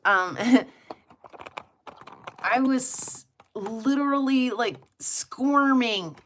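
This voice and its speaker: Giggly, gushing woman vlogger, slow-talking. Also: on the high side, a bit bright, slight background noise. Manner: giggly and gushing, lots of laughter and fillers. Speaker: rock hounding channel host. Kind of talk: casual chat.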